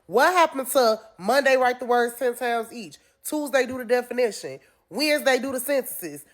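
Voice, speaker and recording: Frustrated woman parent, slightly high voice. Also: animated, normal speed. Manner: frustrated, emphatic complaining. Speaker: concerned parent. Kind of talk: opinion vlog.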